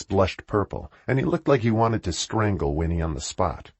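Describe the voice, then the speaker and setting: A man reading an audiobook in a measured, expressive way. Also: low-pitched, slightly rough, dry recording. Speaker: audiobook narrator. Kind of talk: audiobook narration.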